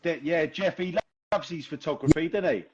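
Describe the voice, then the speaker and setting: Hoarse young male podcast host, laddish banter, slightly high voice, dull lo-fi call audio. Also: moderate pace, a crowd in the background. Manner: laddish, swearing, laughing. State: hoarse, tired voice. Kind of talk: casual chat over a video call. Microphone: video call.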